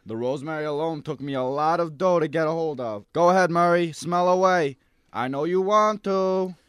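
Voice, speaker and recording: Dude voicing a sly smuggler guy, high smooth voice, chatty salesman. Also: normal speed, fairly bright tone, no echo, clean studio sound, lightly acted. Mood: coaxing. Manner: breezy, salesman-like. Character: sly male black-market herb dealer, cheerful and loud. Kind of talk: comedic audio sketch.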